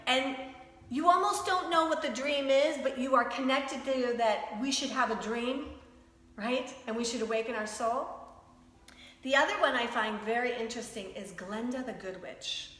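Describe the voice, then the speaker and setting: A woman's voice: a little high, moderate pace, fairly bright tone. A woman teaching a yoga class, chatty and demonstrative, often acting out voices as she explains. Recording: echoey hall with long reverb.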